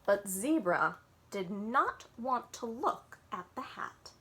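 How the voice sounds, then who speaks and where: Sing-song children's librarian reading aloud. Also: female voice, mid-range voice, lively intonation, takes it slowly, pushed and bright, slight background noise. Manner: sing-song, asks the young listeners questions. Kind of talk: picture-book read-aloud for children.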